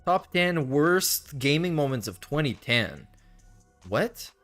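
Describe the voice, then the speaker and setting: Young male streamer, mock-offended and jokey, lively pitch, faint music under him. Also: slow. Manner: sarcastic, laughing, profane asides. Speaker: reaction streamer. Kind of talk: casual commentary.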